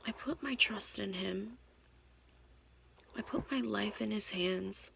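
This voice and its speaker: A young woman talking straight to her camera in an emotional confessional vlog, tearful and halting, repeating herself and sighing. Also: medium pitch, vocal fry, a bit bright, slight background noise. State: tearful, on the verge of crying. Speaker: vlogger. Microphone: camera mic.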